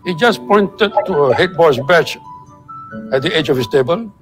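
A man with a higher, very lively voice tells a school story with dramatic flair. Faint music plays behind him. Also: normal speed, rough recording. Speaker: college alumnus.

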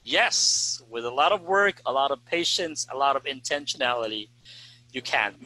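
A man co-hosting a panel discussion for English teachers, speaking in an earnest, steady way and putting questions to the panel. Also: mid-range voice, normal speed, no echo, low-quality recording.

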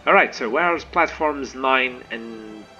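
Guy doing slow lively game commentary, bright voice, hums along, kinda dull lo-fi mic with faint music. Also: medium pitch. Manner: chatty, excitable, hums and sings to himself. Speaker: let's play host. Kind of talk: gameplay commentary.

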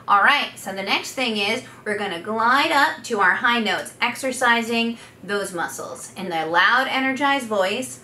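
Bright-voiced woman coaching voice exercises. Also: on the high side, animated, measured pace, few pauses. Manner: coaching, demonstrating loud sustained vowels. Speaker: voice therapist. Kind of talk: instructional voice exercise demo. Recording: echoey room, faint background noise.

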